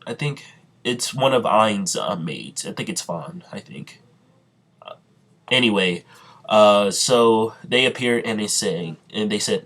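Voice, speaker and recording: A man with a lowish voice retells an anime story in a loose, rambling way. He stops often for fillers and corrections and reads the characters' lines without putting on voices. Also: fairly bright tone. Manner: rambling, halting, full of fillers and self-corrections, reads quotes in his own voice. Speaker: storyteller recapping an imagined anime plot. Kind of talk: casual spoken recap with quoted dialogue.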